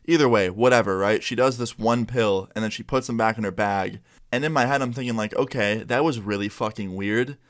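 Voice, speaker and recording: A young man telling a school story in a casual, profane way with lots of filler words. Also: mid-range voice.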